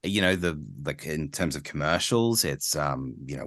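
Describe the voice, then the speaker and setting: An Australian man, a voice actor, chatting as a podcast guest in an animated, rambling way with lots of fillers. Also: very deep voice, moderate pace, no echo, studio quality. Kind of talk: casual podcast chat.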